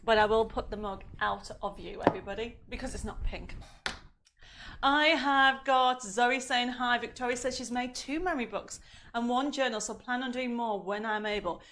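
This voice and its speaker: At normal speed and with fairly even intonation, a woman chats and reads viewers' greetings during a live craft show from her home studio. Her voice is a little high, fairly bright and slightly strained, she coughs as it gives out, and a little hiss or hum sits under the recording.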